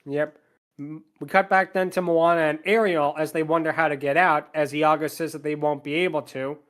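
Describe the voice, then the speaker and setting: Sardonic podcast host recapping a movie. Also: male voice, on the high side, fairly even intonation, normal speed, a bit bright. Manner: plot narration with sarcastic asides.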